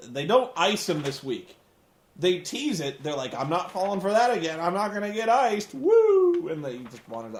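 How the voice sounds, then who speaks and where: A man with a high voice rants through a sarcastic comedic recap. His pitch swings widely as he mocks and swears. The recording has a roomy, echoing sound. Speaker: wrestling show reviewer.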